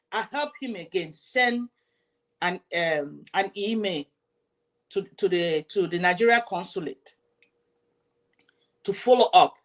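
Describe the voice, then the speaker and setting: Emotional woman telling her own story. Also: medium pitch. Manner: emotional, repetitive, addresses the audience directly. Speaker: host. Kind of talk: personal storytelling to viewers.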